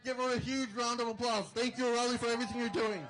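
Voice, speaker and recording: A man's voice: extremely high pitch, level tone, quick pace, fairly bright tone, rough recording. A man emceeing an outdoor protest rally, fervently rallying the crowd between speakers.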